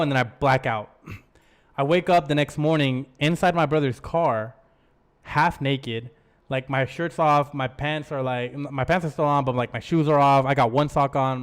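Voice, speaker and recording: A man's voice: mid-range voice, clear, resonant tone. A man hosting a podcast, telling a story in loose casual chat, full of swearing and acted-out quotes. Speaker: podcast host.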